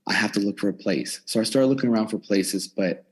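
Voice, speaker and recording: Telling his story in a casual interview at his gym, a converted storage unit, a twenty-something gym owner and personal trainer plays out the words of himself and others with animation. His voice is fairly low, slightly rough, and a little fast.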